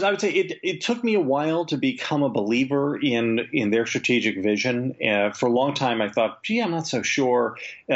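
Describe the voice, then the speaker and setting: Male guest on a video call, wry and candid, dull lo-fi line. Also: mid-range voice. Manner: candid, wry political analysis with frequent fillers. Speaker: guest writer. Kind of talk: remote podcast interview. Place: home, remote.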